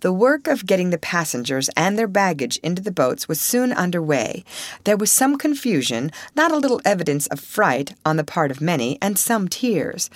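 A woman narrating a vintage novel aloud in a measured, expressive storytelling manner. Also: medium pitch, no echo. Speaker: audiobook narrator.

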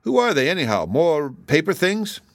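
A man voicing a skeptical, plain-spoken older farm woman, blunt and slow. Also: on the high side, very animated, dry recording, voice pushed up.

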